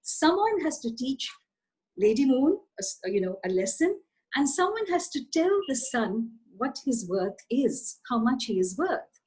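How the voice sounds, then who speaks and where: A woman's voice: sits high, big pitch swings, a little slow, a little mellow. A woman voicing a scheming, bossy female storm cloud who mocks and commands.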